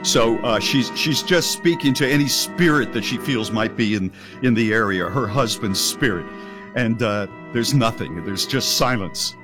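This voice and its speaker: A man's voice: mid-range voice, measured pace, music in the background. A man co-hosting a radio talk show, retelling a spooky story in a casual chat and acting out the voices in it. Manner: animated, acts out quoted voices in a story.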